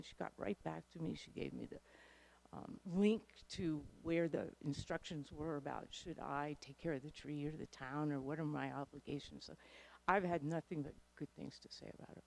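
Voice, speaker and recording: A woman's voice: low voice, moderate pace, gravelly, a little mellow. A woman asking a question and commenting at a town meeting, hesitant at first, then appreciative. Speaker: meeting participant.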